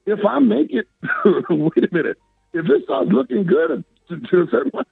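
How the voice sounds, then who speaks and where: An older man speaks over a tinny phone line, his voice a little high, gravelly and husky. His pitch swings up and down as he talks in a lively, preacherly way. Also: normal speed, soft background music. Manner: animated, preacherly, laughs often. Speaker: guest. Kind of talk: casual chat.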